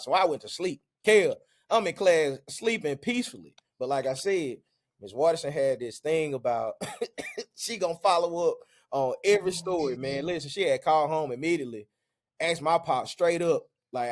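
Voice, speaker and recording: A man, co-hosting a podcast and telling a story in casual, animated, slang-filled chat. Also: fairly high pitch, normal speed.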